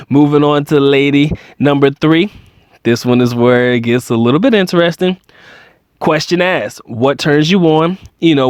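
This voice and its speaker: A man's voice: mid-range voice, no room sound, studio quality. A man hosting his own channel, talking casually to viewers with lots of fillers and frequent chuckles. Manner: conversational, many fillers, chuckles often. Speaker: channel host. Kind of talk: casual commentary to camera.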